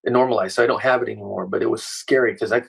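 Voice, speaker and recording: Husky middle-aged man, profane storyteller. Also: fairly low pitch, steady tone, very fast, fairly bright tone, rough recording. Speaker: podcast guest. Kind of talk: casual interview chat.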